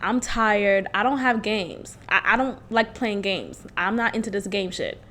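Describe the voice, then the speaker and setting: A woman voicing a calm, tired young man who quietly repeats himself, mildly irritated. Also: mid-range voice, normal speed, slight background noise, voice pushed down, lightly acted. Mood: tired, flat.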